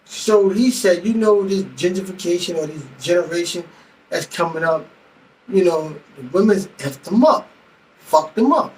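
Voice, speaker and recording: A man's voice: sits high, animated, moderate pace, a little mellow, recorded from a distance, slight background noise, low-quality recording. A middle-aged man venting heatedly, telling a story with lots of profanity and acting out both sides of an argument. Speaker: vlogger. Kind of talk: venting monologue.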